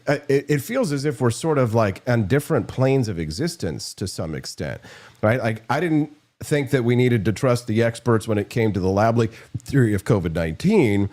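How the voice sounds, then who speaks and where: A man hosting a casual political talk show, opinionated and animated, trading views with a co-host. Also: medium pitch. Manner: opinionated, animated, mocking impressions.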